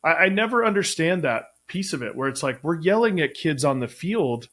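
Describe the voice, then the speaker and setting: A man's voice: fairly high pitch, expressive, normal speed, fairly bright tone. A man hosting a casual talk show about coaching, emphatic and exasperated as he makes his case, swearing casually. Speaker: podcast host, catching coach. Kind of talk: casual conversational chat.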